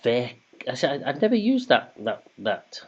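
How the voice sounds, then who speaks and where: A man's voice: medium pitch, huge pitch swings, moderate pace. A man hosting a casual quiz, chatty and jokey, reading questions in English and then in German. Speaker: quiz host. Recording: dull lo-fi sound.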